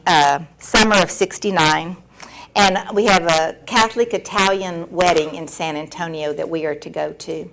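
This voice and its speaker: A woman's voice: mid-range voice, a bit bright, poor audio. A woman, giving a candid personal recovery share with a wry, storytelling manner. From Texas. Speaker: recovery meeting speaker.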